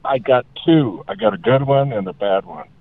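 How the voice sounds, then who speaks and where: A man's voice: medium pitch, normal speed, no room sound. A man calling into a radio show, friendly and hesitant, often stammering and restarting his sentences. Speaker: caller. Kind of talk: phone-in chat. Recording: tinny phone line.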